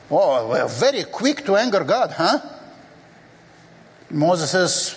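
Male preacher, sermon, unhurried, hesitant fillers, echoing hall. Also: high-pitched. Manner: retells scripture dialogue in lively acted voices; slow, deliberate delivery with frequent fillers. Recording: long hall reverb.

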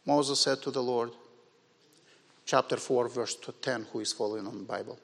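A man whose first language is not English, preaching a sermon in a church hall, moving from quiet musing to loud, emphatic bursts. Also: medium pitch, steady tone, normal speed, creaky, long pauses. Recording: long hall reverb.

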